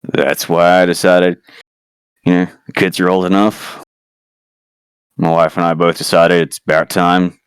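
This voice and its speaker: Brief: man playing a gravelly cursed fifty-something man, very deep and smooth, exasperated and weary. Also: level tone, measured pace, pauses often, dry recording. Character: gruff 51-year-old cursed man in a girl's body.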